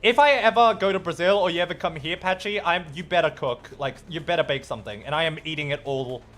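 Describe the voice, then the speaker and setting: A young male streamer and host chats playfully and casually with viewers while gaming, reacting to the chat. His voice is a little high and fairly bright, he talks quickly, and soft music plays in the background.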